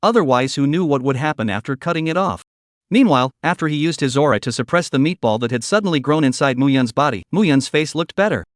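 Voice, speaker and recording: A text-to-speech male voice narrating a story recap with an even, machine-like reading. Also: on the high side, fast, dry recording, studio quality.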